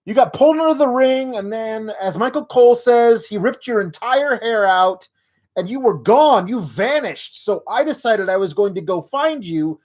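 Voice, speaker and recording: A man putting on a whiny, indignant wrestler who whines in a raised, strained pitch, exasperated and self-pitying, in a mocking comedy impression. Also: lively intonation, moderate pace, a little mellow. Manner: high, complaining, exasperated.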